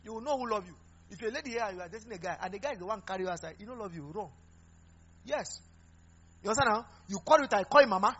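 A man preaching a lively sermon, mixing Pidgin into his exhortations and laughing often. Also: high-pitched, rapid-fire, husky. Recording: dull lo-fi recording with faint music.

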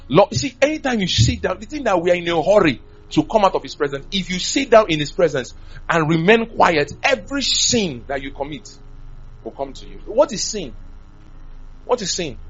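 A man preaching a sermon, animated, swinging from loud to soft. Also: on the high side, a little fast, husky, lo-fi sound.

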